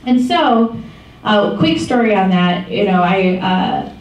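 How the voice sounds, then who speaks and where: A young woman from Michigan giving a casual, animated talk to a room, telling stories with many ums and likes. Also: medium pitch, slow. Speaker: activist speaker. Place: meeting room. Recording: echoey room from far off.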